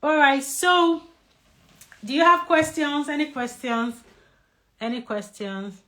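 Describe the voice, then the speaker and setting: A female doctor with a Nigerian English accent gives a lively live talk on stress and answers questions from viewers. She speaks slowly in a high-pitched voice.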